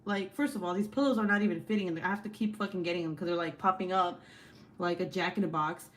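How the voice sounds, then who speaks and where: A woman's voice: medium pitch, brisk, a little hiss or hum. A woman hosting a livestream, telling stories in a casual, chatty way, laughing often and swearing freely. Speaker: livestream host. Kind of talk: casual chat and storytelling.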